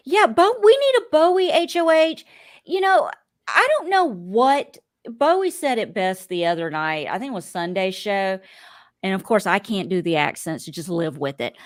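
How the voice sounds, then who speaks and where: A woman's voice: medium pitch, expressive, normal speed, dry recording, clean studio sound. A woman hosting a podcast in casual chat, rambling and chatty with many fillers. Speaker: podcast host.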